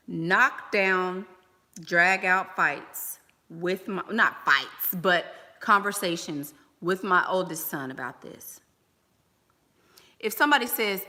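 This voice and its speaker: A woman gives blunt advice in a casual monologue. Her voice is bright and sharp, and she is sassy and emphatic, often saying the same line twice. A long reverb from the room follows her words. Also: lowish voice. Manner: emphatic, sassy, repeats key lines. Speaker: vlogger giving life advice.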